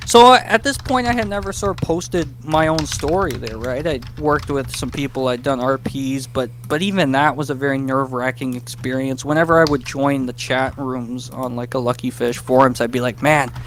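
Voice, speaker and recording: A man, a guest writer, telling a casual interview story, animated and self-deprecating about his nerves. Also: mid-range voice, slight background noise. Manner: animated, acts out his past self in quick bursts.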